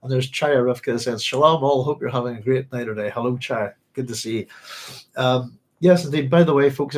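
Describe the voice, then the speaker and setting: A man hosts a live book club stream in a husky, mid-pitched voice. He rambles through his thoughts with plenty of ums and restarts, and a sore throat and hiccups roughen his talk. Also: rough recording. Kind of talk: casual live-stream chat.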